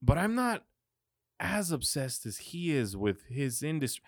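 A man hosting a podcast in casual chat, excitable and full of swearing. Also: a little high, a little slow, dry recording, clean studio sound. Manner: excitable, profane, hyped-up. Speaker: podcast host. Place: podcast studio.

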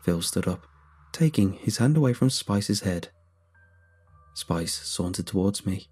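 A man narrating a horror story in a steady, measured way. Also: deep voice, slightly rough. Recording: faint background music.

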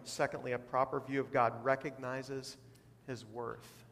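A man's voice: mid-range voice, little pitch movement, a little slow, a bit bright. A man preaching a sermon as a pastor, with rising bursts of emphasis. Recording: long hall reverb.

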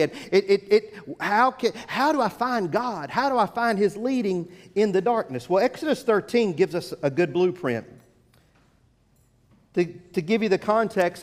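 A middle-aged man preaching a sermon to a congregation, telling a story with halting, repeated words. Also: fairly high pitch. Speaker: pastor. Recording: long reverb of a hall.

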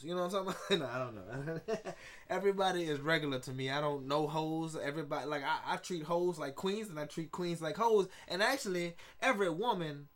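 A man's voice: a little high, a bit bright. A man hosting a solo podcast in rambling, jokey casual chat, laughing often and tripping over repeated words. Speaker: podcast host.

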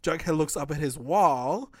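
A young man co-hosting a casual chat, retelling a TV episode quickly with lots of fillers and acted-out quotes. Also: a little high, animated, no room sound, clean studio sound. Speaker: podcast co-host recapping a TV episode.

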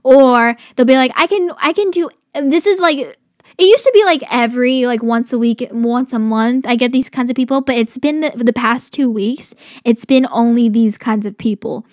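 A fairly high-pitched young woman hosting a podcast, chatting casually in a rambling, animated way. Her sentences are packed with "like" fillers and exasperated asides. The sound is dry and close, with no room echo. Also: normal speed. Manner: rambling, heavy use of "like" fillers. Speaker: podcast host. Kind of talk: casual chat.

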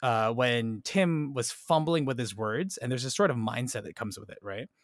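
A man's voice: mid-range voice, lively intonation, normal speed, no room sound, clean studio sound. A man hosting a casual film discussion podcast, thoughtful and checking in often with "right?" and "like". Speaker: podcast host.

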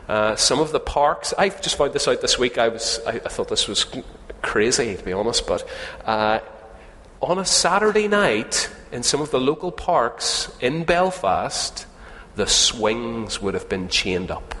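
A man's voice: medium pitch, animated, unhurried, fairly bright tone. Guy preaching, chatty and jokey, voice ringing out in a big echoey church hall. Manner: conversational, humorous, asks the congregation questions. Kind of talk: sermon. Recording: long hall reverb.

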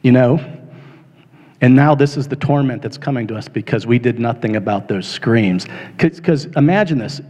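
A man's voice: medium pitch, a little mellow. Male pastor, mid-range voice, casual sermon full of ums, swells with passion, long hall reverb. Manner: conversational, halting with fillers, rising to impassioned retelling.

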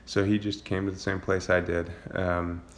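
A man leading an informal Bible study, reading psalms aloud and explaining them in a relaxed, searching way. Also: low-pitched, normal speed, a little hiss or hum. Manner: reads psalm passages aloud, then comments in a relaxed, searching way with fillers. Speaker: Bible teacher.

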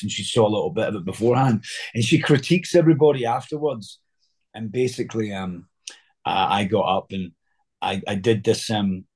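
Scottish man, middle-aged, husky and low, rambling guest anecdotes. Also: darkish tone. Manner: rambling anecdotal teller, many fillers. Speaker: guest actor. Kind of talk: casual interview storytelling.

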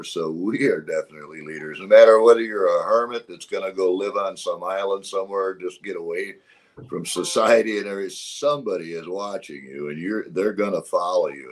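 A laid-back male co-host with a very low, deep voice. He talks earnestly and keeps calling people brother and man. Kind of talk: casual radio show banter.

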